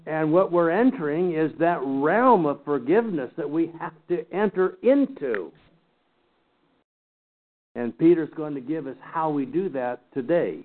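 Bible teacher, man, higher-pitched, folksy teasing lecture, tinny phone-like sound. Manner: folksy, teasing asides to the class. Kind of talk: lecture to a class.

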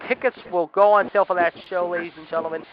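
A man hosting a wrestling radio talk show in an announcer style, and he keeps repeating "however" and "ladies and gentlemen". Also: high voice, fairly even intonation, quick pace. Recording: dull lo-fi audio with loud noise.

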